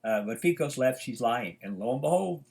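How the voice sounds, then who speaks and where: A man's voice: mid-range voice, expressive, brisk, creaky, a little mellow. An older man teaching psychology in a loose, rambling lecture style at home, full of fillers, restarts and side stories. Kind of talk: informal lecture.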